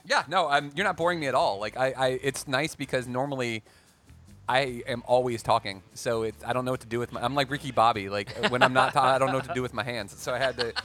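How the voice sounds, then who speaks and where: Excitable guy rambling on a podcast, talks fast, bright voice. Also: mid-range voice, faint music behind. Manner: rambling, excitable, self-deprecating. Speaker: podcast co-host. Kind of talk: casual chat.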